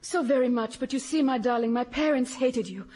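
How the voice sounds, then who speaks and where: An actress playing a melodramatic Swedish former sweetheart in a radio comedy, rambling and breathy. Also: female voice, fairly high pitch, fairly quick, dark tone, natural voice. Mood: wistful. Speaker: lead character in radio sitcom.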